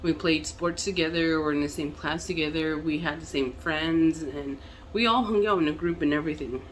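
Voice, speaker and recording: A woman's voice: low-pitched, moderate pace, slight background noise. Hesitant young woman vlogging candidly. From Navajo Nation. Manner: hesitant and candid, many fillers and restarts. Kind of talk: casual personal vlog.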